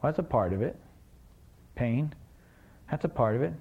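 A man's voice: mid-range voice, expressive, normal speed, slightly rough, phone-quality sound. A man preaching a sermon, telling a story and asking the congregation questions in a conversational way.

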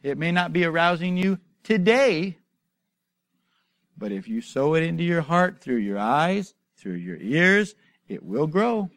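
A man's voice: a little high, big pitch swings, measured pace, dry recording. Preaching man, emphatic and dry-sounding. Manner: preaching, emphatic and rising to loud exhortation; storytelling with acted asides and rhetorical questions. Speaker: pastor. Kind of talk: sermon.

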